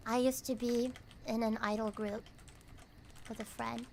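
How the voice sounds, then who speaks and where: A young American woman streaming a cozy late-night chat, reading comments aloud, playful and squealing at times, then soft and reflective. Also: a little high, flat delivery, unhurried, vocal fry, a little hiss or hum. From United States.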